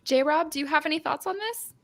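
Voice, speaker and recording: A woman moderating a panel discussion, friendly and brisk as she hands questions to the guests. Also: high-pitched, no echo.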